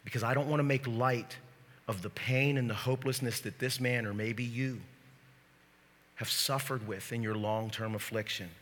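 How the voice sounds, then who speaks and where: A man pastor preaching a sermon to his church, moving from quiet teaching to shouted preaching. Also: medium pitch, fairly even intonation, normal speed. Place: church sanctuary. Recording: long reverb of a large hall.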